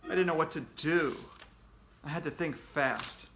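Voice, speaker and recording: A man, a children's author, reading his book aloud to kids with slow, expressive storytelling. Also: a little high, slight background noise.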